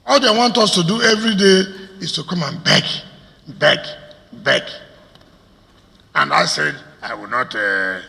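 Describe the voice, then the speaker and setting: A man's voice: high-pitched, animated, unhurried, gravelly, long pauses, sharp tone. A man with a Nigerian accent, a state governor making a combative public address to stakeholders, firing off rhetorical questions. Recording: reverberant hall.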